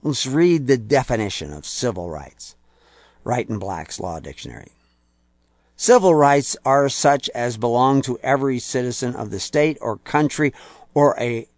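A man preaching a sermon, building to loud, emphatic peaks and putting on mocking voices for quoted people. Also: mid-range voice, dry recording, studio quality.

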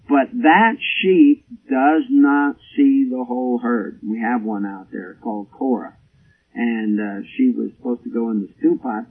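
A man's voice: mid-range voice, slightly rough. A middle-aged man preaching a folksy sermon, telling a farm story with frequent chuckles. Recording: tinny phone-like radio broadcast.

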